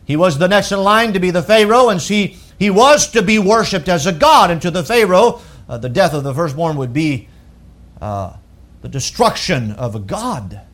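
A man preaching a sermon, emphatic, asking rhetorical questions and slowing down on key phrases. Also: high-pitched, animated, fairly bright tone.

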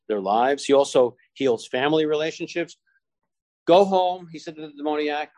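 A man preaching a sermon to his congregation, slowing down and stressing key phrases as he quotes scripture. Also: medium pitch, darkish tone, no echo.

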